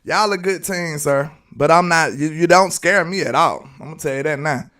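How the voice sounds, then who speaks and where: Argumentative Southern man, slightly higher voice. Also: normal speed, pushed and bright, recorded from a distance. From Alabama, US. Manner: argumentative and emphatic, repeats phrases. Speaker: sports channel host. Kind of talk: live sports commentary.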